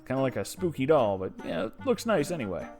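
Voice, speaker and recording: A man's voice: mid-range voice, sing-song, quick pace, faint music behind, close to an everyday voice. A man voicing a cranky, foul-mouthed old male war veteran who mocks and curses bluntly. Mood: teasing. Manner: blunt, cursing, mocking.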